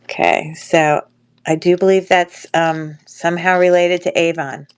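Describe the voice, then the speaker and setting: A woman with a cold speaks through a stuffy nose, and her voice is smooth, clear and a little low. She runs a live jewelry auction in a casual, rambling way, full of ums and uhs. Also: level tone, measured pace. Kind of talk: casual live-stream selling chat.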